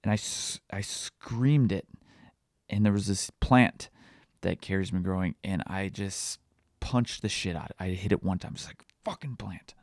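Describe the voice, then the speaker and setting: A man in his thirties talks on his own in a confessional podcast monologue. His voice sits fairly low, and the recording is close and dry. He speaks candidly and reflectively, halting often with fillers and restarts. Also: no room sound. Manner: quietly emotional, reflective. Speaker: parenting podcast host.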